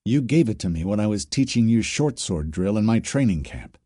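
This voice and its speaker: A man's voice: fairly low pitch, expressive, fairly quick, dark tone, no room sound, clean studio sound. A man reading the lines of a huge female alien soldier, a commanding veteran who speaks firmly and insistently.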